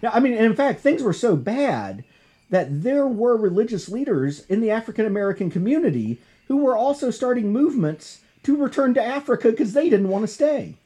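Animated man with a lively voice. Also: brisk. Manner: animated, conversational, jumps in pitch for emphasis. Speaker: podcast host. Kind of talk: casual discussion of comics and history.

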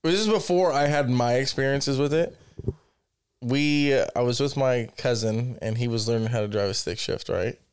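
A man's voice: medium pitch, normal speed, clear, resonant tone, no room sound. A man co-hosting a casual podcast chat, telling rambling, profane stories and laughing often. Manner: laughing storyteller, swears a lot. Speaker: podcast co-host.

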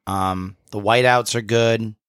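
A man's voice: on the low side, steady tone, takes it slowly, fairly bright tone, clear, resonant tone, no room sound, clean studio sound. A man co-hosting a podcast, chatting casually in a rambling, jokey way with a frog in his throat. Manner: rambling, jokey, lots of fillers. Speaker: podcast co-host.

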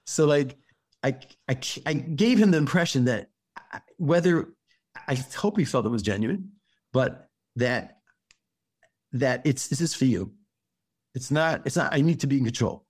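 A rabbi talking through parenting advice in a casual podcast chat, halting and restarting his words often. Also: mid-range voice, no room sound.

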